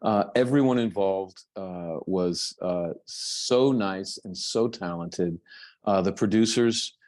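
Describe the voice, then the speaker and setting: An older American actor chatting as an interview guest, animated and self-deprecating, laughing easily. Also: male voice, low voice, takes it slowly. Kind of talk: casual interview chat.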